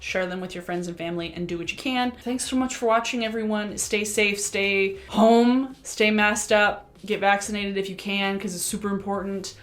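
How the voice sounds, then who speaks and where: A young woman chatting casually into her camera at home while doing her makeup, rambling and breaking into sudden excited outbursts. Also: mid-range voice. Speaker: beauty vlogger. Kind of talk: casual get-ready-with-me chat. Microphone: camera mic.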